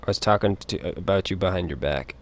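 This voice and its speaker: A man with a Utah accent chatting casually on a live stream, rambling and halting, with casual swearing. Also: sits low.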